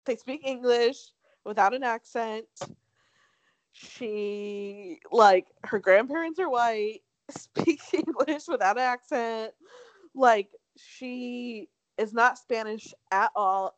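A woman's voice: on the high side, slow, dry recording. A young woman co-hosting a podcast, gossiping casually in slangy, laughing chat. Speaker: podcast co-host.

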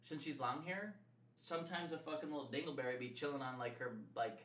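A man's voice: fairly high pitch, a little fast, fairly bright tone. A man co-hosting a podcast in casual chat, bantering crudely and laughing often, recorded in an echoey room. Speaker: podcast co-host.

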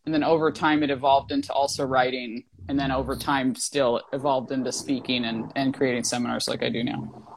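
A woman wine writer telling her story in a casual interview over a video call, animated, with many restarts. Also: rumbling low, a little fast, background noise. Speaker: wine writer and illustrator, guest.

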